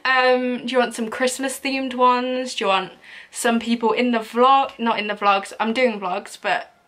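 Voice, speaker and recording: A woman's voice: on the high side, steady tone, a little slow, fairly bright tone. Young female vlogger, casual Q&A chat, chatty and giggly. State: out of breath. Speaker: YouTuber. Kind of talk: casual Q&A vlog.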